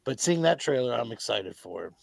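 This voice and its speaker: A man's voice: medium pitch, very animated, fairly quick, vocal fry, a little mellow, no room sound. A man on a casual podcast, plain-spoken and laid-back. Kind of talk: casual chat.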